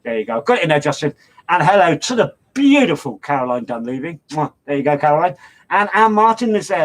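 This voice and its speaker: An older man presenting a radio show, chatting casually and rambling as he reads out track details and shout-outs. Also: high-pitched, lively intonation, a little fast, rough recording.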